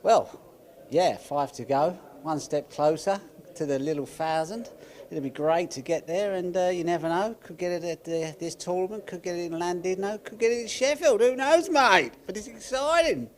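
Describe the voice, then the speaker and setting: A snooker player voicing a cheery Australian bloke in a put-on Australian accent who keeps saying mate. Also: male voice, sits high, normal speed, natural voice. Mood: breezy. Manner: breezy, says mate a lot. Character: cheery male Aussie bloke.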